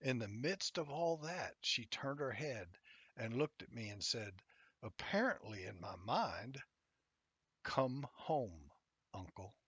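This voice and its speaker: A man reads his own fantasy novel in the first person, with a bright, forward tone and a wry, chatty delivery. He slips into soft half-whispered asides now and then. The recording is close, dry and a little muffled. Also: mid-range voice, sing-song, measured pace, breathy edge, no echo.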